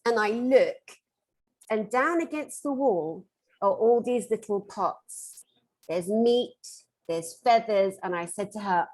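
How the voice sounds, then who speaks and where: A woman's voice: mid-range voice, measured pace, poor audio. A woman working as a metaphysical therapist, telling a story on a conference panel and acting out the lines of the people in it. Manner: animated, acts out quoted dialogue.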